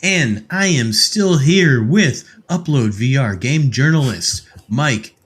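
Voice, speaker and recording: A man's voice: medium pitch, expressive, slow pace, a bit bright, slightly rough. A man hosting a podcast, chatting casually in an easygoing, self-deprecating way. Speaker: podcast host.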